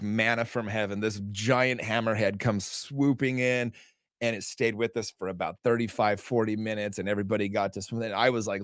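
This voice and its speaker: A man guesting on a podcast, speaking in a somewhat low voice. He tells stories in a casual, emphatic way, swears freely and acts out the dialogue. The sound is dry and close to the mic. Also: no echo. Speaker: podcast guest, author and men's group founder. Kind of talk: animated storytelling in conversation.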